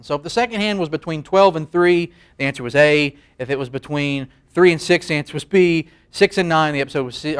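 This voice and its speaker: A man's voice: a little high, smooth. A man in his thirties hosting a late-night show in a studio, rambling self-deprecatingly through a comic monologue and laughing at his own jokes. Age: 30s. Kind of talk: comedic monologue. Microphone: facing a camera.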